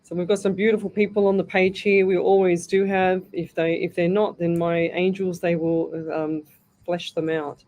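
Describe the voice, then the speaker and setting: A woman's voice: fairly low pitch, level tone, normal speed, darkish tone, lo-fi sound, slight background noise. Chatty Australian woman hosting live radio. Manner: chatty, greets listeners by name, thinks aloud. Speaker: psychic medium radio host. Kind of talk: live call-in radio show.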